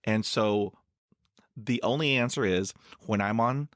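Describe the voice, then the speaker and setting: Slow, low-voiced man who stutters. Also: a bit bright, no echo, clean studio sound. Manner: stutters with blocks and repeated sounds; many "you know" fillers, laughs easily. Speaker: podcast host. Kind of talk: casual conversational interview.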